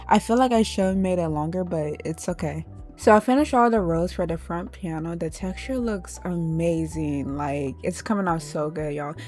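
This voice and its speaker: A woman's voice: lowish voice, darkish tone. A young woman narrating a crochet tutorial in a casual, playful way, talking to viewers as "y'all" and laughing at her own struggles. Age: young adult. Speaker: crochet vlogger.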